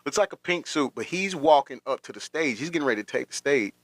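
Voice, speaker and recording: A man's voice: mid-range voice, lively intonation, fast talker, no echo. Rambling, laughing livestream host man. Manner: rambling, repeats words, laughs often. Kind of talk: casual commentary on a livestream.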